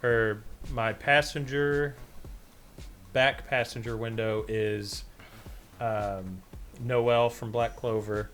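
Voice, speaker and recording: A man's voice: mid-range voice, takes it slowly, pauses often. A man co-hosting a podcast, telling a story in casual chat and acting out the quotes as he goes. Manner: animated storyteller, acts out quotes, swears freely. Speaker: podcast co-host.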